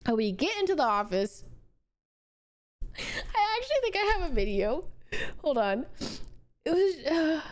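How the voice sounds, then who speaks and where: A young woman streamer casually telling a story to her chat, acting out quotes and swearing freely. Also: high voice.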